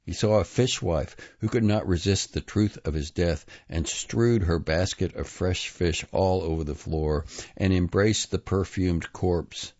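Man, very deep voice, grave measured literary reading, dry close sound, slightly muffled lo-fi audio. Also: darkish tone, no room sound. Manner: measured, grave reading with small restarts on long words. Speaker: reader. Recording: dull, slightly lo-fi dry recording.

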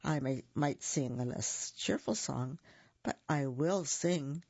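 Reader doing a plucky stubborn rooster, slow gravelly voice, storybook, dull lo-fi sound. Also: medium pitch, no echo. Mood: cheerful resolve. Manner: defiant, steady and plain. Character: cheerful stubborn rooster, brave and merry. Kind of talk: storybook read-aloud. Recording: dull lo-fi recording.

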